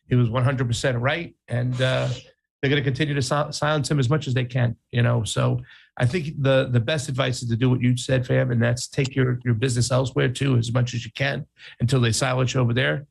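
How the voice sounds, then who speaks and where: A man's voice: mid-range voice, gravelly. A man with a New York Italian accent co-hosting a casual political talk show, chatty and playful. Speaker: podcast co-host.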